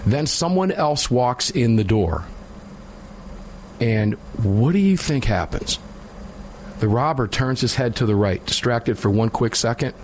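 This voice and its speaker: A man's voice: mid-range voice, lively intonation, measured pace, slight background noise. A man hosting a talk radio show, opinionated and sarcastic, chatting casually with a co-host. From United States. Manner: opinionated, sarcastic, laughs while mocking.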